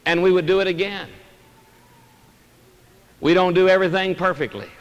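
A man's voice: high voice, fairly even intonation, moderate pace, big-room sound, highs cut off. A man preaching a sermon as pastor of a church, earnest and emphatic, pressing each point home. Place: church sanctuary.

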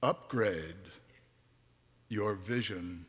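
A male preacher delivers a dramatic sermon in a large church hall, his bright, forceful voice trailing a long reverb. He speaks slowly and deliberately, dropping to near-whispers and then surging to a boom as he reads the verses. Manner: dramatic, swings from hushed to booming when reading scripture.

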